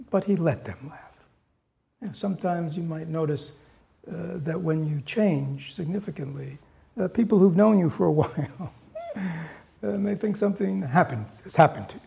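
A man's voice: a little high, animated, moderate pace, vocal fry, mellow. A man giving a dharma talk in a loose, conversational way, with frequent fillers, who reads story passages aloud with rising force. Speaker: dharma teacher.

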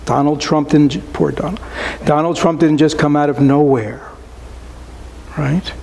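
A man giving a relaxed, conversational dharma talk to a small group as a Buddhist teacher, often asking rhetorical questions and adding "right?". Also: on the high side, measured pace, gravelly, a little hiss or hum, rough recording.

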